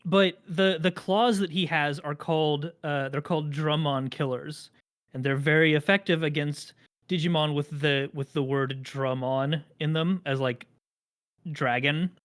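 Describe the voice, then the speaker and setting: Podcast host, talks at a middling pitch, meanders through long explanations, dry humor. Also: steady tone, a little slow. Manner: rambling, enthusiastic explainer with dry jokes. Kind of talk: casual podcast chat.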